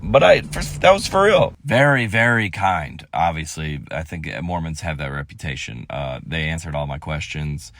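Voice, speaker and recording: A male comedian telling a story to camera, rambling and breaking off into quick asides. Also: rumbling low, lively intonation, fairly bright tone.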